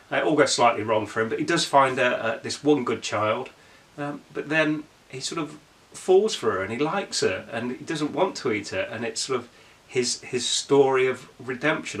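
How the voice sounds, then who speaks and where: A man's voice: mid-range voice, fairly bright tone. Jokey New man reviewing books. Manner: jokey and self-mocking, with many fillers. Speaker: book reviewer and co-host. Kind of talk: casual book review chat.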